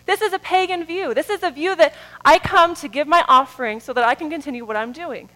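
High-voiced woman preaching with swinging intensity. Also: faint music behind, rough recording. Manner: dynamic preaching, swings from soft drawn-out words to loud rising calls. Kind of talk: sermon.

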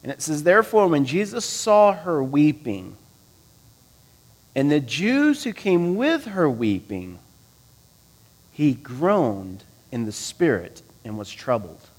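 A man preaching a sermon, reading scripture aloud and explaining it in a conversational way, asking his listeners questions and swinging between loud and quiet. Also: a little high, big pitch swings, slow pace. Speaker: pastor.

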